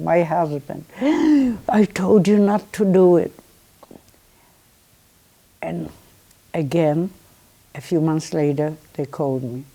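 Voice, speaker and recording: An older woman with a Polish accent, a Holocaust survivor telling her story in an unhurried way and acting out remembered dialogue. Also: deep voice, vocal fry, mellow. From Poland. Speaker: Holocaust survivor giving testimony. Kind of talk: personal testimony to students.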